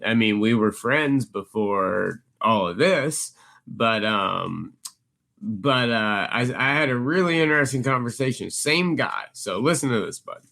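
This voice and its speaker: Lively bright-voiced man telling stories. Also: medium pitch, unhurried, vocal fry. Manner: animated storyteller, acts out quoted people in a raised voice. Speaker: podcast co-host. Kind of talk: casual podcast storytelling.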